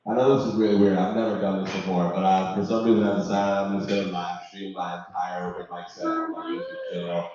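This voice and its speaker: A man's voice: low voice, big pitch swings, fast, darkish tone, recorded from a distance. A man doing a stand-up set at an open mic, rambling and casual. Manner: casual, rambling, filler-heavy. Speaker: comedian. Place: comedy club open mic. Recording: echoey room from afar, dull lo-fi.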